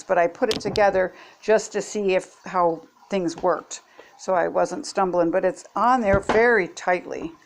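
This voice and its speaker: An older woman chatting homily to viewers as she tests kitchen gadgets at home. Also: medium pitch. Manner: chatty, homey, talks to viewers while demonstrating. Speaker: product-testing vlogger. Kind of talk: casual kitchen product demo.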